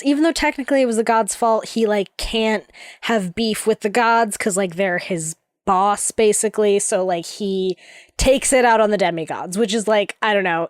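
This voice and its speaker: A woman co-hosts a podcast, chatting casually about a book with plenty of fillers and rambling asides. Her voice is medium-pitched, and the recording is studio quality with no echo.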